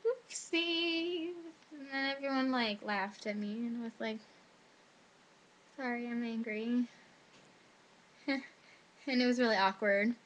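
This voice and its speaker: A high school girl vlogs at a normal pace through a webcam microphone, with a little hiss or hum in the background. She's chatty and bright-voiced, high in pitch, saying "like" a lot and acting out the people she quotes.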